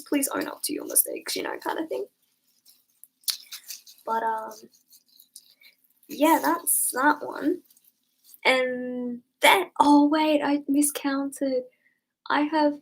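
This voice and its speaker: A young woman streaming from home, telling a casual story with lively, swear-laced slang and acted-out quotes. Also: sits high, husky, low-quality recording. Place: home room at night.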